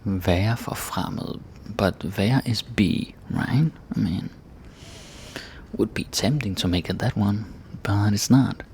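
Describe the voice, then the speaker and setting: Low gravelly guy explaining grammar, laid back, kinda slow. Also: a little hiss or hum. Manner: relaxed, explains with frequent "right?" and "eh?". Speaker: language teacher. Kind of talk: casual grammar lesson.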